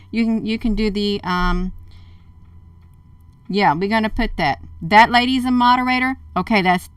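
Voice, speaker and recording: A woman's voice: mid-range voice, clear, resonant tone, dry recording. A woman hosting a livestream, talking urgently and emphatically to her viewers and answering their comments as she goes. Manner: urgent, emphatic, addresses viewers as "you all". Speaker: livestream host.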